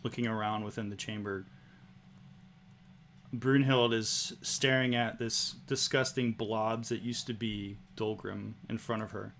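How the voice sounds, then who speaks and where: A man narrating as game master, in a slow, hushed style with pauses. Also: lowish voice, fairly even intonation, creaky, slight background noise.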